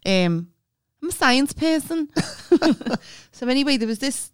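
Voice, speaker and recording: A middle-aged woman, co-hosting a podcast and telling stories in a chatty way, going quieter for asides. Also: high voice, very animated, a little slow, clear, resonant tone, dry recording, clean studio sound. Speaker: podcast co-host. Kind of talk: casual storytelling chat.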